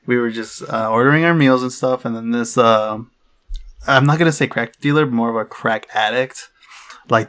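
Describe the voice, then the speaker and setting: A young man with a medium-pitched, fairly bright voice co-hosts a podcast. He tells a story in a loose, rambling, chatty way, restarting his sentences again and again.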